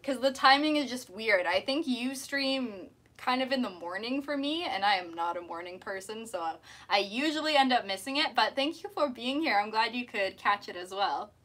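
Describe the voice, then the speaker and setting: A woman's voice: fairly high pitch, animated, moderate pace, few pauses, fairly bright tone. A young woman in casual live-stream chat, giggly and chatty, answering viewers while painting her nails. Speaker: mermaid streamer.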